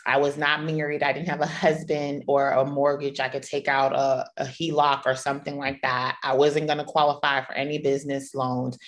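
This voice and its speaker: A woman's voice: extremely low pitch, level tone, normal speed, hardly any pauses. A middle-aged woman hosting a podcast, telling personal stories in a candid, playful and emphatic way. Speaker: podcast host. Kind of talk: personal storytelling monologue.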